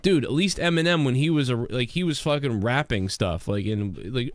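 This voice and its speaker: A man's voice: mid-range voice, normal speed, hardly any pauses, no echo. A man hosting a livestream show, ranting in a brash, profane, rambling way. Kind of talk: ranting live commentary.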